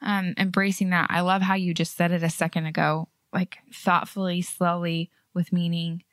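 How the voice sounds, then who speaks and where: A woman hosting a podcast who talks earnestly and chattily, her voice sitting on the lower side. The sound is dry and close, with no room around it. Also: little pitch movement, normal speed, a bit bright, smooth, dry recording. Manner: earnest, chatty, with light laughs. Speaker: podcast host. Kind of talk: casual faith podcast chat.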